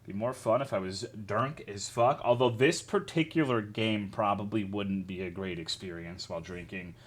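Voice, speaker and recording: A man's voice: lowish voice, moderate pace. A man streaming live, chatting casually with his chat, greeting viewers and swearing a lot while joking around.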